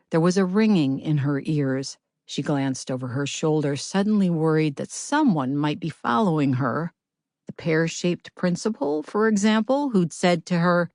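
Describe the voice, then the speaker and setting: A woman narrating a novel as an audiobook reader, in a measured, gentle storytelling manner. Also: low voice, lively intonation, dry recording, clean studio sound. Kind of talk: scripted narration.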